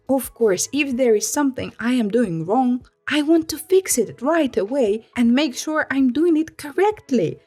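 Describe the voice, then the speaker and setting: Lively woman reading stories aloud. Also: fairly high pitch, breathy edge. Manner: expressive, lively storytelling. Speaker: story reader.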